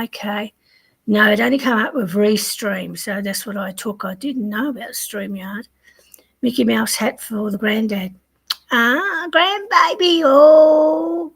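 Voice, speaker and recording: A woman's voice: medium pitch, fairly bright tone. An older Australian woman hosting a casual crochet livestream, chatting and laughing as she greets viewers. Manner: chatty, rambling, laughs often. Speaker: livestream crochet channel host.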